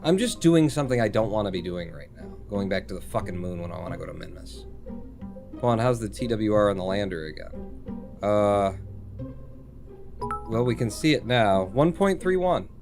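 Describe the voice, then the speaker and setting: A man's voice: lowish voice, animated, normal speed, gravelly, music in the background. A man live-streaming a space game, thinking aloud, reading chat and swearing casually.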